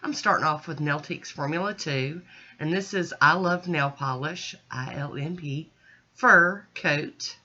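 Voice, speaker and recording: A woman's voice: low voice, moderate pace, pushed and bright, muffled recording. A woman hosting her own nail art channel, chatting casually through each step of a painting tutorial in voice-over.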